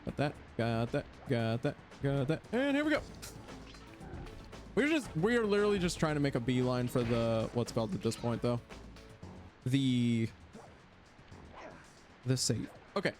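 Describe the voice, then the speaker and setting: A man commentating his own gameplay as a streamer, chatty and quick to launch into exaggerated, exasperated rants. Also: mid-range voice. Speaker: gaming streamer. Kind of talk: let's play commentary.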